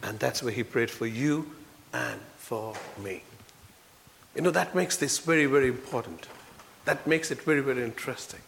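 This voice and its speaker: A man preaching a sermon in a church, earnest, moving between soft low passages and loud emphatic ones. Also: moderate pace, vocal fry. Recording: long reverb in a hall.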